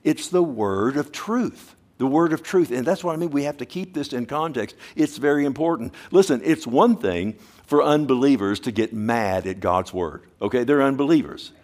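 A middle-aged man preaches a sermon in an ordinary mid-range voice. He talks with his congregation in a conversational way and keeps asking them questions. He slows down to lean on phrases from scripture. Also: medium pitch, animated, a little mellow. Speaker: pastor.

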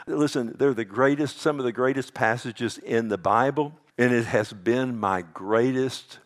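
A male pastor preaching a sermon with passion, dropping to hushed whispers and rising to loud emphasis. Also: medium pitch, unhurried, hardly any pauses.

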